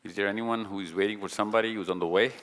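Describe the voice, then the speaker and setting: A man speaks at racing speed with a fairly low, fairly bright voice and a steady tone, amid long hall reverb. Presenting at a live event in a big stage-lit hall, he keeps it casual and chatty, joking and asking people in the crowd questions.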